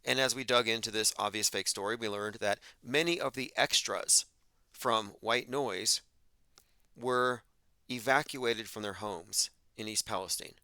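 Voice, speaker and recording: A man's voice: fairly low pitch, unhurried, sharp tone, no room sound. A man hosting a livestream, delivering an emphatic, argumentative monologue and reading out chat comments. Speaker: podcast host.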